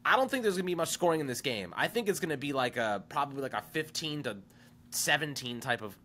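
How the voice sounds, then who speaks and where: A man's voice: on the high side, animated, quick pace, bright, forceful tone. A man co-hosting a sports podcast, giving emphatic, opinionated football analysis. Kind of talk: casual sports talk.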